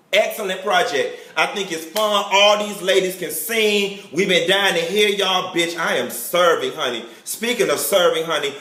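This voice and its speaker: Campy man dishing reality tv gossip, high bright voice, lots of slang, sounds kinda roomy. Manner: campy, catty, full of slang and drawn-out exclamations. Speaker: celebrity gossip vlogger. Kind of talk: sassy reality-show review.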